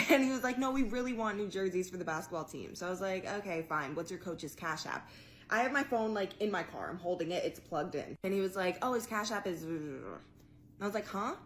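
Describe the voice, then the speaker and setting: Animated, profane woman telling a story. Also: medium pitch, fairly quick, a little hiss or hum. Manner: animated, profane, laughs through her story. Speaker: guest storyteller. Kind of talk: storytelling to camera.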